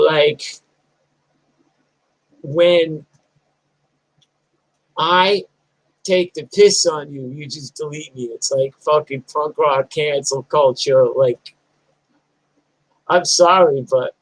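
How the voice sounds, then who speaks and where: A man's voice: fairly high pitch, very slow, pauses often, dry recording, poor audio. Blunt, profane New man ranting. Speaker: punk musician vlogger. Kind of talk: ranting monologue vlog.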